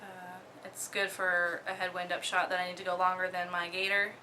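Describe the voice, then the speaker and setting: A young woman from Oklahoma casually talking through her disc golf bag, relaxed, with many ums and the odd giggle. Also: fairly low pitch, brisk, slight background noise. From Oklahoma, USA. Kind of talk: casual show-and-tell.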